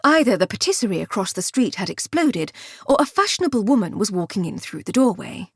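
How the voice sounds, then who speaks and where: Expressive, husky-voiced woman narrator. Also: mid-range voice, a little fast, dry recording, studio quality. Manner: expressive, wry comic storytelling. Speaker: audiobook narrator. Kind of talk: scripted narration.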